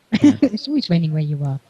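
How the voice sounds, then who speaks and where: A man's voice: fairly high pitch, sing-song, normal speed, mellow, slightly rough, no room sound, dull audio. A man running a tabletop game as game master, chatty and laughing often.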